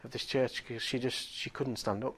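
A middle-aged man preaching, telling a healing story with animated swings from hushed tones to loud exclaiming. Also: mid-range voice, normal speed, breathy edge. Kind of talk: storytelling sermon.

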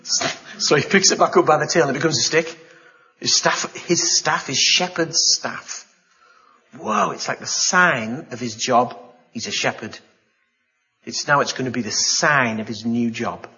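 A man preaching a sermon, telling a story with gasps, exclamations and lively asides. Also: medium pitch, a little slow, dull audio. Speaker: pastor.

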